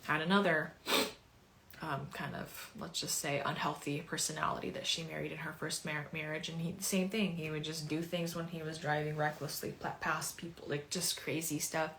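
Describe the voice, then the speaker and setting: A woman coach telling stories about her clients in a casual way, animated and full of "like" fillers, often acting out what the clients said. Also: deep voice, normal speed, vocal fry, a little hiss or hum. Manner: animated, acts out clients' words, many "like" fillers. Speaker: anxiety and trigger coach. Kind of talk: casual storytelling to camera.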